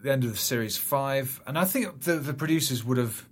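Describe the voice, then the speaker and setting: A man's voice: medium pitch, fairly quick. A man co-hosting a podcast, chatting casually and rambling, often repeating his words. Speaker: podcast co-host. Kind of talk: casual chat.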